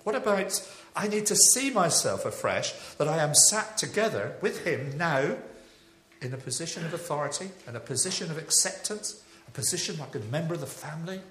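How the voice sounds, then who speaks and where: A man from Devon, preaching a sermon in a chatty, anecdotal way with animated rises. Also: a little high, fairly quick. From England (Devon). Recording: echoey hall with faint ambience.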